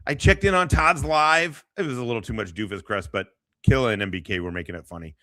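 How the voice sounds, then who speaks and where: A man's voice: medium pitch, fast, bright, forceful tone, no room sound. A man hosting a livestream, ranting in a crude, mocking way and laughing often. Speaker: streamer host. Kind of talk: profane casual livestream rant.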